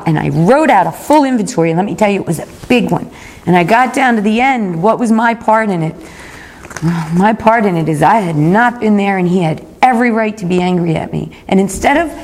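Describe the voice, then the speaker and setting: A woman in her fifties with a gravelly, slightly low voice shares her story at a recovery meeting. She talks in a candid, confessional way, reflecting aloud on her own part in things. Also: darkish tone. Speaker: speaker sharing at a recovery meeting. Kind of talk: personal recovery talk. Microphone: recorded talk.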